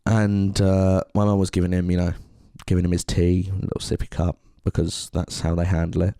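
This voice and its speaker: A man's voice: low voice, monotone, brisk, dark tone, smooth, no echo, studio quality. A man with an English accent co-hosting a podcast, talking earnestly in a rambling way with many restarts. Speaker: podcast co-host. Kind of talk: casual podcast chat.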